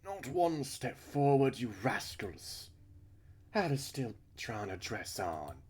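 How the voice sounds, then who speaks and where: A man's voice: mid-range voice, very animated, takes it slowly, darkish tone, slightly rough, voice pushed up, exaggerated voice. A man voicing a stern, bossy older woman with a British accent, scolding and giving orders. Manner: scolding, commanding.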